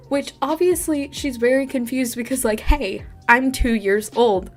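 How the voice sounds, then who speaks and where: Chatty, high-voiced woman vlogger. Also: a little slow, few pauses, soft background music. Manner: chatty, animated, laughs often. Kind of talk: casual storytime chat.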